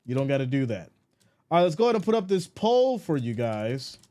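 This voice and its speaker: A man hosting a casual sports live stream, reading viewer comments aloud and answering them in an animated, mock-exasperated way. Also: medium pitch, fairly quick.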